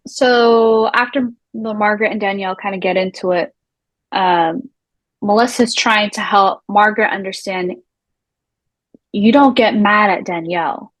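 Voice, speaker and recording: A young woman recaps reality TV in a loose, animated chat, swearing freely and slipping into the voices of the people she describes. Her voice sits at a middling pitch. The sound is dry and close, with no room around it. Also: unhurried, no echo, rough recording. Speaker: recap show co-host.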